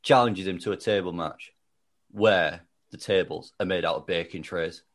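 Casting: man with a low voice, laid-back podcast panelist telling a loose, rambling story. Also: moderate pace. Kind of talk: casual chat, pitching a wrestling storyline.

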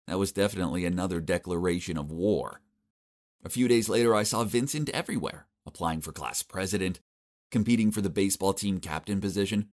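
A young man narrates a first-person story with dramatic, comic flair. His voice sits on the low side, yet his pitch leaps and dips all over as he plays up each moment. He tells it like an animated storybook. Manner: expressive, dramatic comic delivery.

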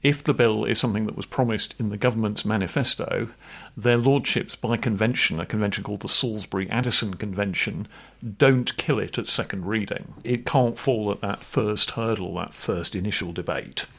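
Male podcast co-host, gravelly low voice, wry explainer. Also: normal speed. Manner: wry, informal, jokey asides. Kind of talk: explanatory chat.

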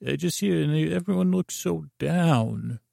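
A man's voice: on the high side, unhurried, vocal fry, dry recording, clean studio sound, pitched above the performer's own voice, exaggerated voice. A man voicing a bumbling, chatty old male traveling storyteller who rambles and keeps interrupting himself. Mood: excitable. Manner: rambling, excitable, self-interrupting.

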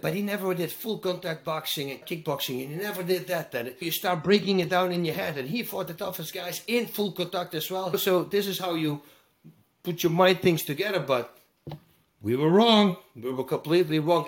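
Man from the netherlands, lively emphatic storyteller, fairly high voice, acts out quotes. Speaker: guest. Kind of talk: animated storytelling interview.

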